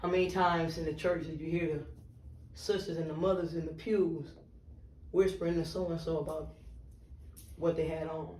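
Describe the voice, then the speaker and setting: A man's voice: fairly high pitch, little pitch movement, moderate pace, long pauses, a little mellow, a little hiss or hum. A man co-hosting a casual podcast about faith, exclaiming in reaction and building his points with repeated "right?". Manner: emphatic, exclaims "Lord" and "Jesus" in reaction. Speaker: podcast co-host. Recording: roomy sound, distant from the mic.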